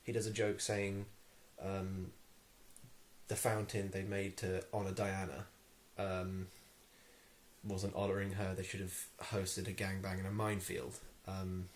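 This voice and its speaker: A man's voice: sits low, completely flat delivery, unhurried, a little hiss or hum. A young man with an English accent, ranting to camera in a vlog, irritated and rambling with many ums and restarts. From England. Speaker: vlogger.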